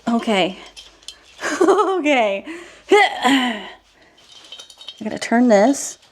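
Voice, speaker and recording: Excitable woman gushing slowly, high voice. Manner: excitable, gushing, nervous exclamations. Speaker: vlogger. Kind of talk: casual unboxing vlog talk.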